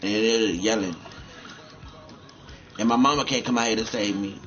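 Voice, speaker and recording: A man's voice: on the low side, fairly even intonation, normal speed, long pauses, fairly bright tone, lo-fi sound. Rambling, profane young-sounding man gamer. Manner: rambling, profane, repeats himself. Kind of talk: rambling game commentary.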